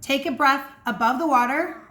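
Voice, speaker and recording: High-voiced energetic woman swim coach. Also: normal speed. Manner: energetic, demonstrates breathing sounds. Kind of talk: casual instructional talk to camera. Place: at home indoors.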